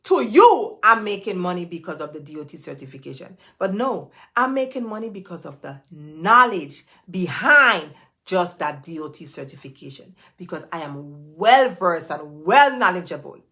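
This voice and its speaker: A woman's voice: lowish voice, big pitch swings, normal speed, a bit bright. An emphatic woman coaches her live viewers in a preachy, motivational way. She hammers her points home by saying them twice, sometimes three times. She talks straight to the audience as their business coach. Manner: emphatic, repeats key phrases, preachy.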